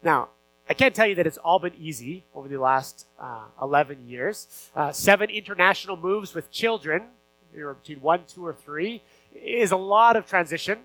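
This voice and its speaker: A high-pitched man with a sharp, bright voice preaches a sermon, telling a personal story in an earnest, unpolished way. His sentences restart and stumble, full of small fillers. A faint electrical hum sits under the recording. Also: expressive, moderate pace, soft background music, rough recording. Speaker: pastor.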